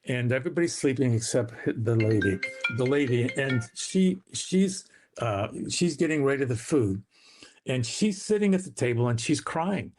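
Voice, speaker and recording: A man telling his father's story as a guest on a talk radio show, animated, acting out the voices of the people in it. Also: mid-range voice, moderate pace, soft background music.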